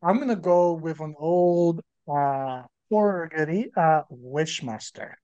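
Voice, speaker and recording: Guy on a podcast, kinda high voice, rambly, lots of uhs and you knows. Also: slow, warm tone, clean tone, highs cut off. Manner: rambling, many fillers and restarts. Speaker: podcast co-host. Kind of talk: casual chat.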